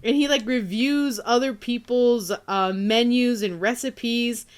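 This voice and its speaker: A woman's voice: on the high side, slow pace. Laughing, cursing young woman chatting. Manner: profane, giggly storyteller. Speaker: podcast co-host. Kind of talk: casual chat.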